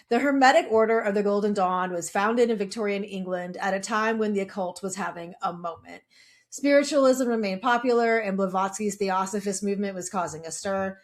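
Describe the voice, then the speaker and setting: Middle-aged woman co-hosting a podcast. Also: mid-range voice. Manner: swears casually, jokes about herself. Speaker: podcast co-host. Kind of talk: casual chat and read lore segment.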